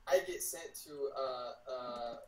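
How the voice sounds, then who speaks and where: A man's voice: mid-range voice, slow pace, a little mellow, roomy sound, recorded from a distance, a little hiss or hum, low-quality recording. A man chatting casually as a guest on a stream, laid-back and swearing a lot. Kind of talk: casual chat over a call.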